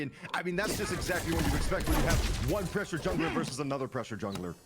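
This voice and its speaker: A man casting an esports match, calling the play quickly and excitedly, with laughs between plays. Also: fairly high pitch. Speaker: play-by-play caster. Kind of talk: esports commentary.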